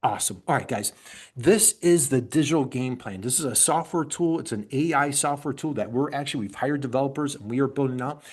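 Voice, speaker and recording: An enthusiastic middle-aged man with an upstate New York accent, presenting a business webinar in a voice that sits at an ordinary pitch for a man. He speaks in a motivational way and keeps asking his listeners questions. He is heard through a computer mic on a video call. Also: darkish tone, husky.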